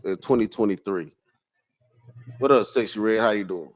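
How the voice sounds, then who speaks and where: A man hosting a casual livestream chat, excitable and profane, jumping between loud outbursts and low muttering, and stumbling when he reads aloud. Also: moderate pace, no echo, poor audio. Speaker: livestream host.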